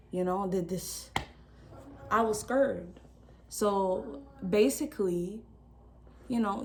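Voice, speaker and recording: A young woman vlogger telling a story in a casual, slangy, animated way, acting out the people in it. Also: fairly high pitch, background noise.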